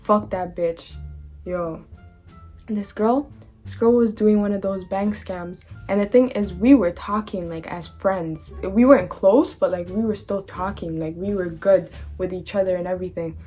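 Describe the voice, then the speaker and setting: A young woman tells a storytime straight to camera, animated and full of slang, letting sentences trail off unfinished. Her voice sits in a middle range for a woman, and a faint beat plays softly behind her. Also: mid-range voice, measured pace, soft background music. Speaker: vlogger. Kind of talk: casual storytime.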